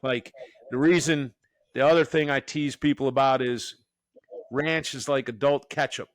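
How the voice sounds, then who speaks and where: Northeast guy hosting a podcast, smooth voice, dead dry room, jokes and restarts a lot. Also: medium pitch, steady tone, moderate pace, dry recording. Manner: rambling, joking, many restarts. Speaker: podcast host, professor. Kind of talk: casual podcast chat.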